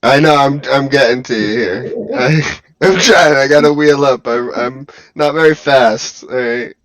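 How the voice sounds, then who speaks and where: A man playing a tabletop game, talking slowly and hesitantly through his turn. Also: medium pitch, a bit bright. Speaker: player. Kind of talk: casual tabletop game play.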